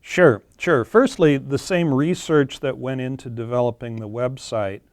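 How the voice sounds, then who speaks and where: A man's voice: mid-range voice, unhurried, no echo, studio quality. A man explaining charts in a webinar, plainly and with some fillers and self-corrections. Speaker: webinar presenter. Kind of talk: webinar presentation walking through charts.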